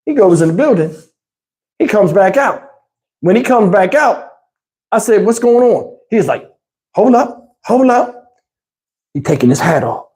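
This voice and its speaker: A man's voice: sits high, moderate pace, long pauses, rough recording. A man hosting a casual storytime, acting out the quotes in his story and laughing as he goes. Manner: animated, acts out quotes and laughs mid-story. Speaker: host.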